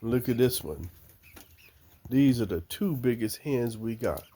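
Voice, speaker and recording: An older man, chatting slowly and fondly to his backyard chickens outdoors. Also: mid-range voice, animated, warm tone, husky. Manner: slow, drawling, talks fondly to the birds. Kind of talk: casual chat talking to his hens. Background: chickens clucking.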